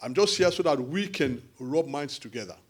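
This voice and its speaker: A man with a Nigerian accent addresses a forum meeting in an animated, conversational way, with quick asides. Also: fairly high pitch. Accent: Nigerian English. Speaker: diaspora party official addressing a support forum.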